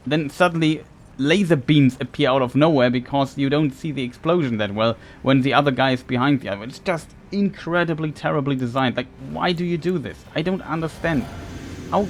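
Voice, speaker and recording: A man's voice: fairly high pitch, slight background noise. A man playing a video game and ranting in exasperation about its design, often stumbling and repeating words when upset. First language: German. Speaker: let's play gamer. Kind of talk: frustrated gameplay commentary.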